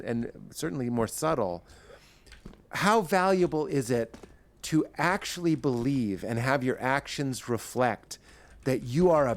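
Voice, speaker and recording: A man, a stand-up comedian, talking as a guest on a podcast, riffing animatedly and acting out his own bits in character voices. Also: mid-range voice. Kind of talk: podcast interview chat.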